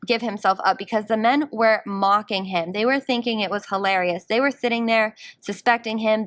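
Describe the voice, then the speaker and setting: Woman, teacher, guided reading lesson, conversational, questioning, slightly high voice. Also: a bit bright. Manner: conversational, asks the class questions. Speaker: English teacher.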